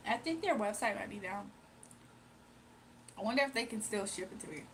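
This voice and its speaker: A woman's voice: mid-range voice, animated, brisk, a bit bright, slight background noise. A woman hosting a casual livestream, chatting playfully with viewers, reading their comments and laughing often. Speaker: livestream host.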